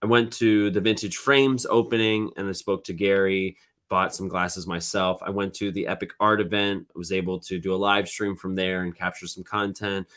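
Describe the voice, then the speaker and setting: Here a podcast host with a deep, fairly bright voice speaks at normal speed with fairly even intonation. Alone on the mic, he chats casually, often using fillers and starting sentences over.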